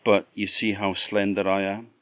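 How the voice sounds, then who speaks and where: A man's voice: lowish voice, level tone, moderate pace, fairly bright tone, no room sound, highs cut off, close to an everyday voice. A man voicing a young woman who is an enchanted swan, speaking in a pleading, insistent way.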